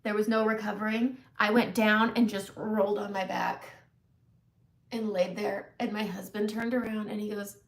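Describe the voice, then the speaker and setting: Chatty woman with a gravelly voice. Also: medium pitch, steady tone, moderate pace. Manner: chatty, laughing, self-mocking storyteller. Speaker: makeup live-stream host. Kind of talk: casual storytelling chat.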